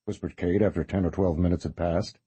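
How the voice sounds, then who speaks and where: A man reading a horror novel as narrator in a measured, even way. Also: deep voice, slightly rough, dry recording. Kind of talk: scripted audiobook narration.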